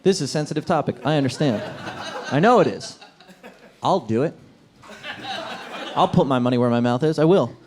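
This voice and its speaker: A male stand-up comedian from New Jersey, brash and profane, jumping into loud shouted bits on stage before a live audience. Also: mid-range voice, lively intonation, fairly quick, pauses often. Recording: live club set with crowd laughter.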